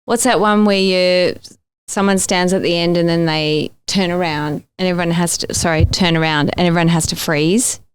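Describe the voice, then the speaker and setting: A middle-aged woman, co-hosting a podcast and telling stories in a lively, teasing way. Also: on the low side, moderate pace, slight background noise. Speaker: podcast co-host. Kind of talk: casual nostalgic chat.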